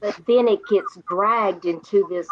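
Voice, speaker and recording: A woman interviewer, a mother herself, speaking earnestly and sympathetically, slow and deliberate. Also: medium pitch, a little hiss or hum. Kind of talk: emotional conversational interview. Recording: dull dry lo-fi sound.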